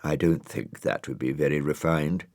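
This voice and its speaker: A man's voice: a bass voice, steady tone, moderate pace, darkish tone, dry recording, studio quality. A man voicing a vain, fussy male dog with a pompous, huffy manner in a storybook reading. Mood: haughty.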